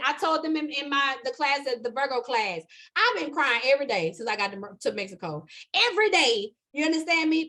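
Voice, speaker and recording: A high-pitched woman leads a live spiritual astrology class. She talks in an emphatic, preaching way, stacks repeated phrases for emphasis, and keeps asking her listeners "okay?" and "you understand?". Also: fairly bright tone. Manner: repetitive, building emphasis. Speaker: astrology teacher.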